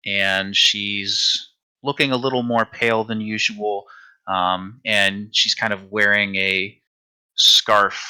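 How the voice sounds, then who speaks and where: A man narrating as dungeon master in a relaxed, hesitant way with frequent fillers. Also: on the low side, clean tone, low-quality recording. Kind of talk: narrating a tabletop game.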